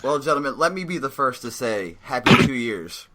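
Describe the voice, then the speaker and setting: A man's voice: medium pitch, very animated, normal speed, very noisy. A man hosting a casual podcast, friendly and joking with his guests. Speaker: podcast host.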